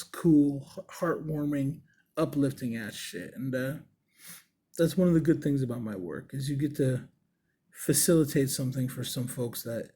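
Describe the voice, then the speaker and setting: A body piercer telling a story in a casual, rambling, laid-back way, swearing freely. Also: male voice, medium pitch, dark tone, slightly rough.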